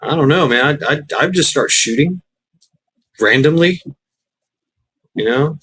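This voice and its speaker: A man's voice: on the high side, animated, measured pace, bright, forceful tone, breathy edge. A man hosting a casual livestream chat, rambling and swearing freely, often laughing as he talks. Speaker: livestream host.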